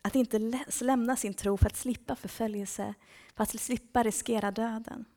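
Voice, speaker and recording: A woman's voice: a little high, steady tone, moderate pace, mellow. A woman giving a conversational talk at a church service, sometimes dropping to a whisper.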